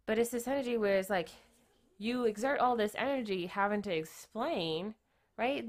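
A woman giving a casual tarot reading, chatty, often tagging her points with quick questions and repeating herself. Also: on the high side, animated. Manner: chatty, keeps adding "right?" tag questions; repeats and restarts phrases. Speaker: tarot reader.

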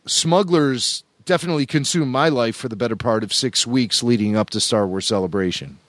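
A man's voice: mid-range voice, brisk, no room sound. A man co-hosting a podcast, telling stories in a casual chat and laughing often. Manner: animated storytelling, laughs often.

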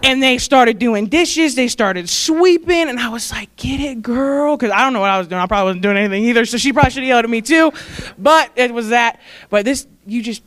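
A young woman with a smooth, clear voice speaks at a church service. She rambles warmly, laughing often and fighting back tears as she pays tribute. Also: a little high, quick pace. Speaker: church staff speaker honoring graduates. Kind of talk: heartfelt tribute speech.

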